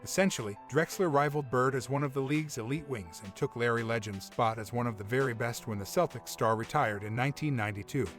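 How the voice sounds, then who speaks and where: Guy narrating a sports recap, even and informative, soft music under it. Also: mid-range voice, fast, few pauses. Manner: steady, informative storytelling. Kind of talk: scripted narration.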